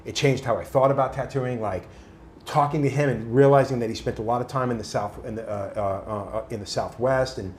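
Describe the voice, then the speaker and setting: A man's voice: medium pitch, fairly quick, reverberant, a little hiss or hum. A man casually telling stories, swearing freely and acting out other people's voices. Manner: animated, swears freely, acts out quoted voices. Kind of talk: casual storytelling.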